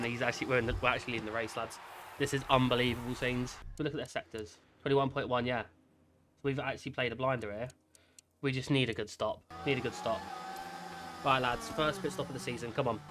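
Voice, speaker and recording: A man giving excitable, chatty commentary while playing a racing management game, cheering his drivers on. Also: mid-range voice, fast, over music. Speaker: gaming creator.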